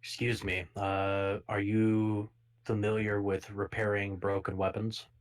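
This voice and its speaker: A man's voice: fairly low pitch, completely flat delivery, unhurried. A man playing a character in a tabletop game, speaking politely and hesitantly with fillers. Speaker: player.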